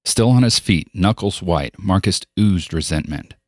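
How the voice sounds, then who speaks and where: A man narrating an audiobook in an even, steady storytelling voice. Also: deep voice, unhurried, dry recording, clean studio sound. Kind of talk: scripted narration.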